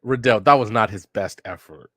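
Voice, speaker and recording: Casting note: man with a lowish voice, slangy and joking, reading manga aloud with a casual reaction, dry close sound. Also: normal speed, sharp tone, dry recording. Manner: slangy, joking, reads panels aloud in plain voice. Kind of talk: casual read-along reaction.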